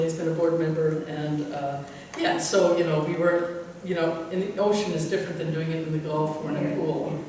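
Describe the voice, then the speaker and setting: A woman's voice: low-pitched, a little mellow. An older woman pastor tells stories in a rambling, chuckling manner, her talk full of fillers. She is picked up from a distance in a church hall with a long echo, and faint noise hangs underneath. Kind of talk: anecdotal storytelling in conversation.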